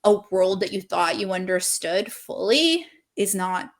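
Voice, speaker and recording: A woman author chatting in an interview over a video call, earnest and expressive as she thinks aloud about her characters. Her mid-pitched voice carries a light gravelly fry, and she laughs easily between thoughts. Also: measured pace. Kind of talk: casual interview chat.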